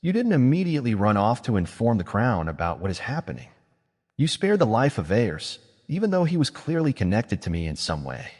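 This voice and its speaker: A man doing a cool, scheming mage with a lively voice. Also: mid-range voice, long reverb tail. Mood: calm. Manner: measured, reasoning tone. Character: calm scheming male mage, coolly persuasive.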